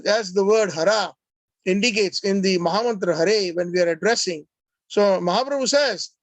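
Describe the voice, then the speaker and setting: A man's voice: sits high, dry recording. A man giving a devotional lecture, earnestly explaining Sanskrit terms with frequent "uh"s and repeated words. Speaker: devotional class speaker.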